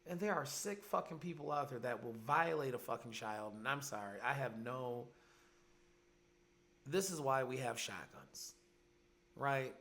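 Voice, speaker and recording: A man's voice: medium pitch, animated, unhurried, fairly bright tone. A man in his forties hosting a podcast, ranting in heated, profane commentary. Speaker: podcast host. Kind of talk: angry commentary monologue. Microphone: podcast mic.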